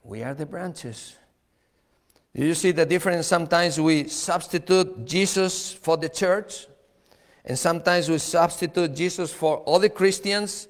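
A man preaching a sermon, slow and emphatic, repeating key words and chuckling now and then. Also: high-pitched, big-room sound.

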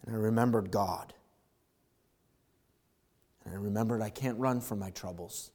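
A man preaching a sermon, reading scripture and swinging from quiet, low talk to loud, impassioned calls. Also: moderate pace, in a large hall. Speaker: pastor.

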